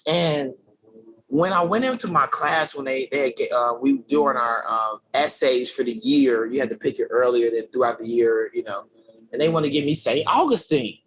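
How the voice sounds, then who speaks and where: Male interview guest, mid pitch, easygoing and energetic storyteller, slangy with lots of fillers. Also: moderate pace, slight background noise, low-quality recording. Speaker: podcast guest, creative director. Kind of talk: casual conversational storytelling.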